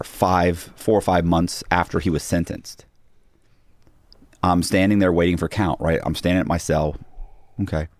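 A man's voice: low voice, no echo. A middle-aged man, a podcast guest, telling a story casually with restarts and acted-out quotes of other people. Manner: rambling, restarts, acts out quoted dialogue.

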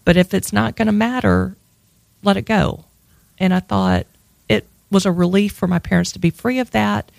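A woman's voice: medium pitch, big pitch swings, moderate pace, gravelly, darkish tone, no echo. A woman with a Southern US accent telling a wistful personal story in a reflective, drawling way.

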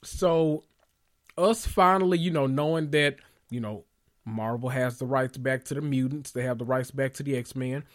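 A young man hosting a podcast, rambling in an excitable, gushing way and swearing freely as he corrects himself mid-thought. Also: medium pitch, moderate pace. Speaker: podcast host. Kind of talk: casual podcast rant.

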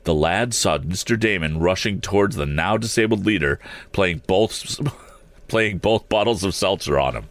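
A man reads an adventure story aloud in a very low voice. He keeps a steady pace and corrects small slips as he goes. The sound is dry and close to the mic. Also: normal speed, no room sound. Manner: steady reading with occasional slips and restarts. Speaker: audiobook reader. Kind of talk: storybook narration.

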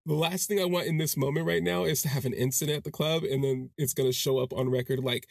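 A man hosting a podcast, telling a personal story in a casual monologue and acting out the people in it with big jumps in pitch. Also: fast, creaky, no room sound, clean studio sound. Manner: animated, acts out quoted voices with big pitch jumps. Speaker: podcast host.

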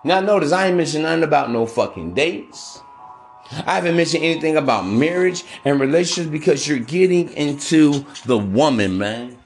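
A man's voice: a little high, lively intonation, normal speed, soft background music. A man hosting a podcast, giving relationship advice in a casual, profane, preachy monologue that keeps calling his listeners bro. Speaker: podcast host.

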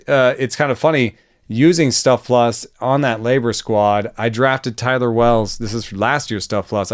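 A man's voice: mid-range voice, clean tone, dry recording, clean studio sound. A man talking baseball on a casual podcast, chatty and laughing often, full of fillers and restarts. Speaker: baseball analyst.

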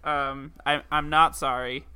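A man's voice: on the high side, little pitch movement, slow, sharp tone, clean tone. A young man co-hosting a podcast, bantering and joking casually. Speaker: podcast co-host. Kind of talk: casual chat.

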